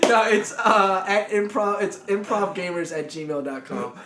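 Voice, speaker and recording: A man co-hosting a casual gaming talk show, joking and animated. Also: sits high, measured pace. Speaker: podcast co-host. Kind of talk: casual chat. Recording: echoey room with group noise.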